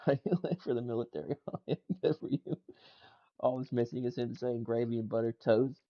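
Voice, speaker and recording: A man's voice: medium pitch, fairly even intonation, moderate pace, lo-fi sound. A man casually reacting to gaming clips and tweets, laughing often and swearing loosely. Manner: laughs a lot, loose and profane. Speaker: gaming news streamer.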